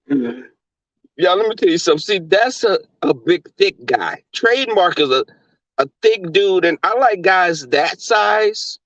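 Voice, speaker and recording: A man's voice: high-pitched, animated, measured pace, fairly bright tone, no room sound, lo-fi sound. A man with a Southern US accent hosting a livestream, chatting with viewers in a brash, profane, camp manner. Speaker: livestream host. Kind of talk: casual chat with live viewers.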